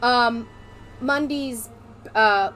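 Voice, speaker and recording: A woman in her thirties, a streamer explaining game lore in a casual, excitable, rambling way and swearing often. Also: a little high, very slow, soft background music. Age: 30s.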